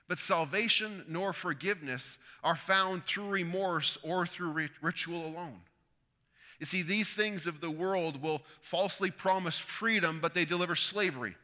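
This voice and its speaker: A man's voice: sits high, normal speed, pushed and bright, big-room sound. A man preaching a sermon, telling a story and acting out the quoted lines with rising and falling intensity. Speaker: pastor.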